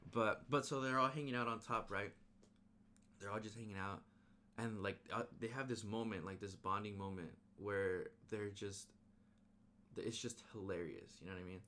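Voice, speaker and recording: Excited man with a low voice. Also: moderate pace, a little hiss or hum. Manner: excited, slangy, retells scenes with sound effects. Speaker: movie reviewer. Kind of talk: casual spoiler recap.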